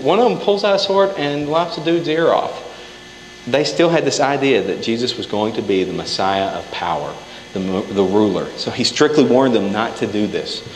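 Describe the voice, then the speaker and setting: A man's voice: medium pitch, a little hiss or hum. A man preaching a sermon in a church hall. He talks casually and acts out the scripture quotes himself. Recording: echoey hall, faint ambience.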